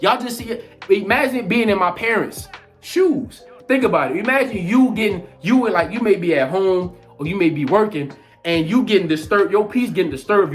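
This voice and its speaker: A man in his twenties telling a childhood story in an animated, slangy vlog style. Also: sits high. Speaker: vlogger.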